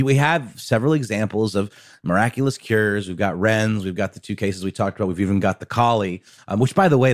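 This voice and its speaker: A man co-hosting a casual podcast, talking in an animated, jokey way. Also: lowish voice, no room sound, clean studio sound. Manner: animated, jokey, many fillers and restarts. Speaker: podcast co-host. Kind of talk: casual conversational chat.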